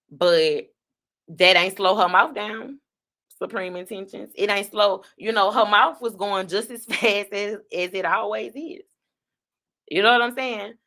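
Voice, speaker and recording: A woman hosting an online talk show, giving blunt, profane commentary on online drama in a casual, fast-talking way. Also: medium pitch, sharp tone. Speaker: online radio host.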